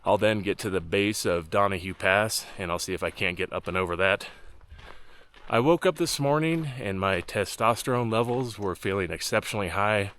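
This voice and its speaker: Deadpan, low-voiced hiking man. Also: moderate pace. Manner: dry deadpan humor. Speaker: hiking vlogger. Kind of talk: deadpan vlog narration. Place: outdoors on a mountain trail.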